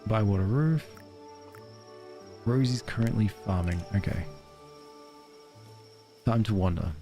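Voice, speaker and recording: A man's voice: lowish voice, slow pace, pauses often, mellow, soft background music. A young Australian man with an Australian accent, chatting casually on a game live stream, laughing often and thanking viewers.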